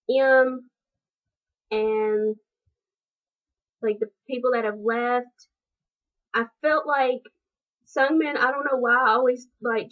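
A high-pitched young woman gushes over a music video in casual chat, giggling and squealing between slow, drawn-out thoughts. The sound is dull and lo-fi, like a cheap webcam mic. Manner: gushing, giggly, bursts into squeals. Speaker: vlogger reacting to a music video.

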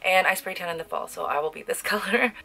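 A woman's voice: lowish voice, lively intonation, fast talker, vocal fry, bright, forceful tone, faint music behind, rough recording. A young woman beauty vlogger gushing over lipsticks in a casual review at home, recorded on a camera mic and peppered with "like". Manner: bubbly and gushing, heavy use of "like".

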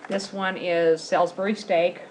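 A woman's voice: lowish voice, level tone, a little slow, a little mellow, a little hiss or hum, low-quality recording. A woman, chatting casually to camera as she shows off her groceries at home. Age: 40s. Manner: chatty, rambling, giggly. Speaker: vlogger showing a grocery haul.

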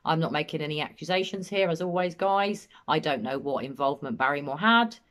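A woman commenting on an interview clip, analysing body language in a measured, matter-of-fact way. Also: deep voice, a bit bright. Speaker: true-crime commentator.

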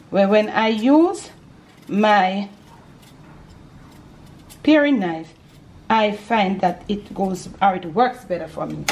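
Older Jamaican woman, cooking-show host, homely chatty delivery, mid pitch, faint kitchen noise behind. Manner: chatty, homely, explains as she works. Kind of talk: home cooking demonstration. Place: home kitchen.

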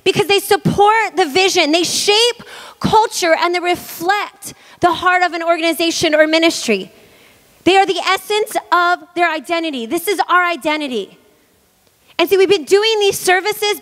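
Woman pastor from hawaii preaching, chatty and jokey, high voice, big church reverb. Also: moderate pace. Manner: lively, chatty, joking with the congregation. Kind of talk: sermon. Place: church hall. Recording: long church-hall reverb.

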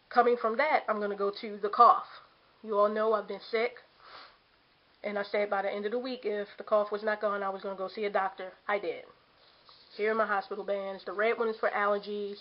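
A woman's voice: mid-range voice, dull audio. A young woman venting frankly to the camera from her bedroom, rambling with lots of "you know" and "like". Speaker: vlogger. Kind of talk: casual venting monologue to camera. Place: bedroom at home.

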